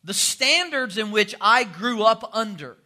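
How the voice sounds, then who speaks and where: Pastor in his 40s, bright kinda high voice, jokey folksy sermon storytelling. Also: measured pace. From North Carolina. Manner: folksy joking storyteller, animated.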